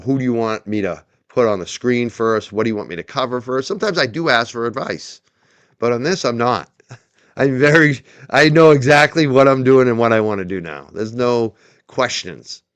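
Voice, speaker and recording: A man's voice: mid-range voice, fairly bright tone, no room sound. A man hosting a casual livestream, chatting animatedly with his chat, joking and swearing as he waits for a court feed. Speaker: livestream host.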